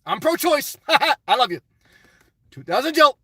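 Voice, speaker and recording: A man's voice: very high voice, sing-song, unhurried, sharp tone, no echo, far from the mic. A middle-aged man hosting a casual live stream, answering chat in a blunt, opinionated, rambling way.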